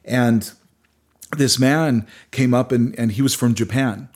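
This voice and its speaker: Earnest middle aged guy telling a story, lots of restarts, normal pitch. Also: fairly even intonation, takes it slowly, a little mellow. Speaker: musician guest. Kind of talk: casual conversation.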